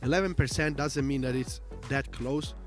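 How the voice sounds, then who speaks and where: A man's voice: medium pitch, moderate pace, soft background music. A man with a strong Italian accent, giving casual livestream commentary and explaining things at length with lots of fillers. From Italy. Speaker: esports co-commentator.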